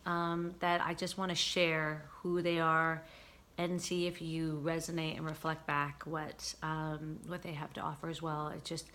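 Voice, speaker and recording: A woman vlogger talking casually about spiritual healing, earnest and searching, with frequent pauses and fillers. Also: deep voice, level tone, a bit bright, slight background noise.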